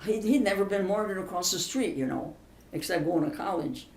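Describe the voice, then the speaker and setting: A woman's voice: medium pitch, animated, brisk, a little mellow. An older woman spins family stories in a chatty, emphatic way. She sits back from the mic in a room that echoes. A faint hiss runs underneath. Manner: chatty, emphatic, laughs through her stories. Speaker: interviewee. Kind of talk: casual storytelling interview. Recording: roomy, distant mic, faint background hiss.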